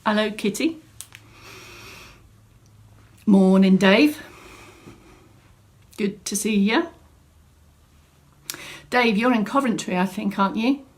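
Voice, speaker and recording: A woman's voice: mid-range voice, slow, long pauses. A woman fitness instructor, chatting and greeting viewers by name at the start of a live online exercise class from a home room. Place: home room set up as studio.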